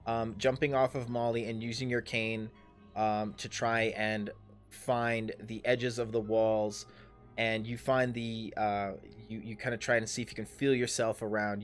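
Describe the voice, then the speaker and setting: Thirties game master, plain mid voice, hesitant delivery, faint music underneath. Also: male voice, mid-range voice. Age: 30s. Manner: hesitant, many um and uh fillers. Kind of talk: narrating a tabletop game.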